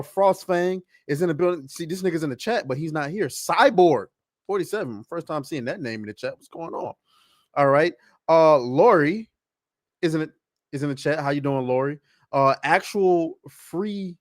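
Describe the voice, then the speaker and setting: Lively, high-voiced casual male host. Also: no room sound, studio quality. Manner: loose, profane, reads out chat names. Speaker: podcast host. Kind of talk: casual livestream chat.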